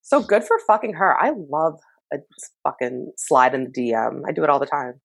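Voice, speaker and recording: A woman's voice: low-pitched, sing-song, brisk, gravelly, no room sound. A woman co-hosting a casual chat, blunt, swearing a lot and laughing often.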